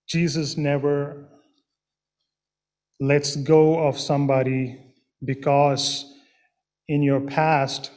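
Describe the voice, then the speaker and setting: Slow, earnest male preacher. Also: medium pitch, darkish tone. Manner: slow, earnest, with many fillers and restarts. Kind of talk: sermon.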